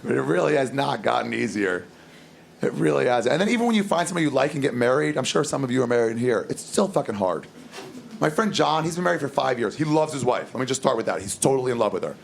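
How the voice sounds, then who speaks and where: A man in his thirties doing a stand-up comedy set on a club stage, telling crude stories in a deadpan way and breaking into loud acted outbursts. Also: medium pitch, fast, creaky, a little hiss or hum. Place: comedy club stage before a live audience. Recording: live club recording, loud laughing crowd.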